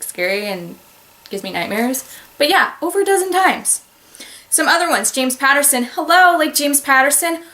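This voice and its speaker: Woman author, higher-pitched voice, expressive and chatty, speaking to camera at home. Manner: animated and expressive, with sudden loud exclamations. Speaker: author giving advice. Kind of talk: casual talk to camera. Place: home office.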